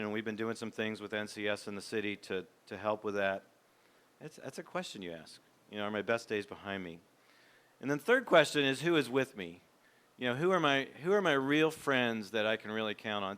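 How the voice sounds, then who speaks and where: A man in his fifties speaks to a men's group in a bright, forceful voice. His tone is smooth and resonant. He talks candidly and reflectively, as if sharing his own struggles in conversation. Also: mid-range voice. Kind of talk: personal talk to a men's gathering.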